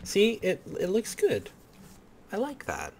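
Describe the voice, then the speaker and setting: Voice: mid-range voice, huge pitch swings, slow pace, vocal fry, a little mellow, slight background noise. A gamer chatting casually with a friend, playful and prone to exaggerating for fun. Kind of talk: casual gaming chat.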